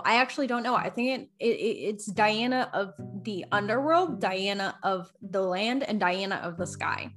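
A woman's voice: medium pitch, a bit bright. A woman co-hosting a podcast, explaining a point and correcting herself as she goes. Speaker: co-host. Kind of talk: casual podcast chat.

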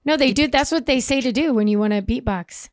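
A woman co-hosting a podcast, speaking earnestly and reflectively with frequent fillers. Her voice sits a little high. The recording is dry. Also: a little fast, dry recording. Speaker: podcast co-host. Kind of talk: casual chat.

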